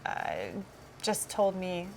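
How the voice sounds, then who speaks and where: A woman's voice: fairly low pitch, level tone, takes it slowly, darkish tone, a little hiss or hum. A woman cast member giving a personal testimony in an interview, telling her story in an earnest, reflective way.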